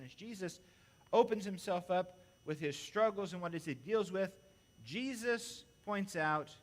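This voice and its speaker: A man's voice: fairly high pitch, fairly bright tone. Man preaching an earnest sermon. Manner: earnest, with rhetorical questions to the congregation.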